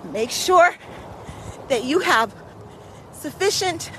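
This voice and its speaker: Very high-voiced woman coaching a brisk walk. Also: lively intonation, a little hiss or hum, low-quality recording. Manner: encouraging, repetitive coaching cues. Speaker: walking pace coach. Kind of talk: motivational workout vlog while walking. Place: outdoors in a park.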